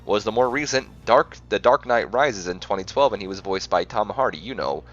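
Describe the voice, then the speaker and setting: A man's voice: lowish voice, lively intonation, brisk, a bit bright, lo-fi sound. A man hosting a game playthrough, reading facts aloud and often stumbling and correcting himself. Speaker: gaming channel host.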